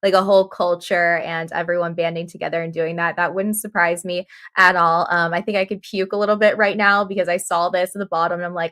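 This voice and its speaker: A woman's voice: lowish voice, level tone, brisk, few pauses, fairly bright tone. A woman speaking as a guest on a crypto panel, chatty and self-mocking. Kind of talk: casual panel chat.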